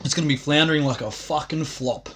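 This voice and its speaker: A man's voice: on the high side, fast, heavy background noise. Profane rambling man ranting. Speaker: livestreamer. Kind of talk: rambling livestream rant.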